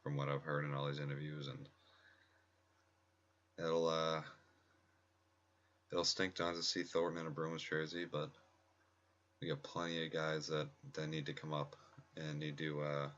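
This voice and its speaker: A man giving quiet, rambling casual commentary at home during a game pack opening, often restarting his sentences. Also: rumbling low, completely flat delivery, a little slow, pauses often, dull audio, slight background noise. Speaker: gaming video creator. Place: home room at night next to a laptop. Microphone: laptop mic close by.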